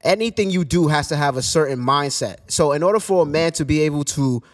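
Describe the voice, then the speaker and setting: A man co-hosting a casual discussion, talking in a halting way with frequent restarts and hedges. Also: fairly high pitch. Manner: halting, restarts often, hedging.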